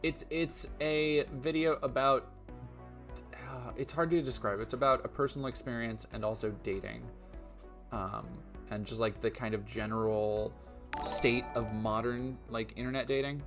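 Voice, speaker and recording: A man's voice: medium pitch, fairly even intonation, moderate pace, faint music behind. A tired man chatting casually on a live stream, rambling and trailing off, his voice giving out. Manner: rambling, trailing off, many fillers.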